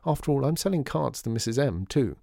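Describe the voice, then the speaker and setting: A man voicing a calm, practical woman cook who speaks briskly and matter-of-factly. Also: mid-range voice, gravelly, no echo, clean studio sound, voice pushed up.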